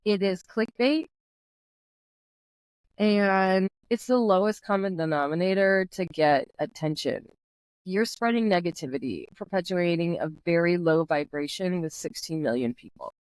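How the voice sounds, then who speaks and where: A woman's voice: fairly low pitch, a little mellow, clear, resonant tone, no room sound. A middle-aged woman hosting a podcast, chatting casually and ranting bluntly with strong opinions. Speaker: podcast host. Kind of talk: casual chat.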